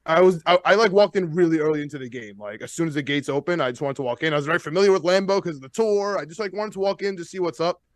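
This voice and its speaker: A high-pitched man talks fast and loose about a football trip, stacking up "like" and "dude" as he rambles. His voice sits close and dry, with no room sound around it. It is casual podcast chat with a lot of excitement. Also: dry recording. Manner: animated, rambling, lots of "like" and "dude". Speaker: podcast co-host.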